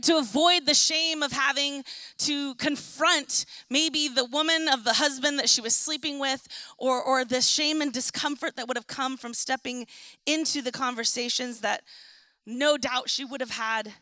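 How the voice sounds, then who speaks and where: A young woman preaching a sermon in a relaxed, conversational way, acting out the people in the story as she goes. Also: sits high, unhurried, no room sound. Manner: conversational and animated, acting out Bible figures. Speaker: pastor.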